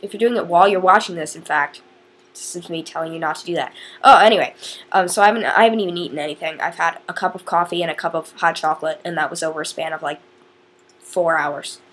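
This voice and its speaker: A woman's voice: fairly low pitch, steady tone, fast, fairly bright tone, slightly rough. A teenage girl from northern Indiana chatting to camera in a rambling, casual way with lots of fillers. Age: teens. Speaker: vlogger.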